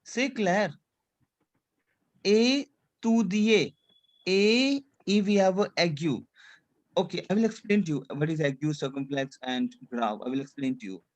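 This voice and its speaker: The voice is a man's, on the high side and a little fast. He's teaching a French class through repetition, prompting students to echo him, and he sprinkles English explanations with French checks like "c'est clair."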